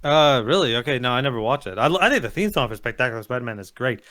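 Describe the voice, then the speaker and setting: Quick-talking man, matter-of-fact. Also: medium pitch, expressive, fairly bright tone. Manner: matter-of-fact, plugging events. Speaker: podcast co-host. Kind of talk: casual live-stream chat.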